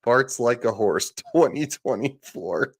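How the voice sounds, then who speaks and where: A streamer reacts live to a podcast clip in a medium-pitched, expressive voice, speaking slowly. His commentary is casual, profane, and sarcastic, peppered with laughing asides.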